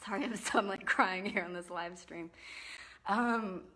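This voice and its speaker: Speaking unhurriedly with a sharp tone at medium pitch, a young woman who writes and sings her own songs chats on a live stream, phone in hand, around her home both inside and out. She rambles, apologizes, and keeps restarting with lots of fillers.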